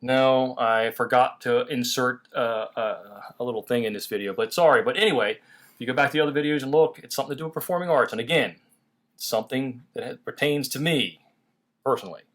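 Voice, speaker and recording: A man's voice: medium pitch, fairly quick, a bit bright. A man hosting a casual toy review chat, laughing easily and restarting his sentences. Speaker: toy review channel host.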